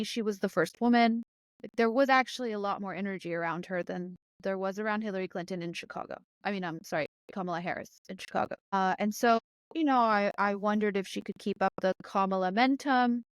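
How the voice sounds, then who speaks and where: A woman journalist from Georgia, hosting a casual political discussion and telling stories in a chatty, animated way. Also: mid-range voice, brisk, clean tone, dry recording. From Georgia, USA. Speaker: journalist and podcast host.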